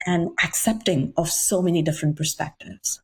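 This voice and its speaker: A pregnant woman from India, a guest on a podcast, telling stories in a lively way and acting out her own past remarks. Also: fairly low pitch, moderate pace, a little hiss or hum. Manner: animated storyteller, often acting out remarks she once made. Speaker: guest entrepreneur. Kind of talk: casual podcast chat.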